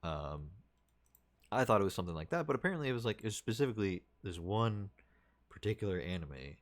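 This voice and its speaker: A man's voice: on the low side, very animated, fast. A man streaming and chatting casually with his viewers, rambling and restarting his sentences with little chuckles.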